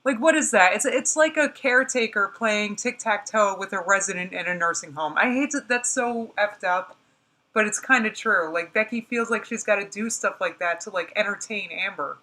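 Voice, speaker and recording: A woman's voice: medium pitch, normal speed, pushed and bright, low-quality recording. A woman hosting a casual reaction stream with a New Jersey accent, talking bluntly and with exasperation, laughing often. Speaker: host reacting to a livestream.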